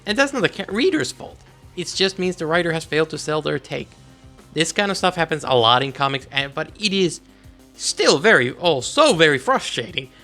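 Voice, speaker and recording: A man giving a comics video essay, ranting in an exasperated, animated way. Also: on the high side, moderate pace. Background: faint background music.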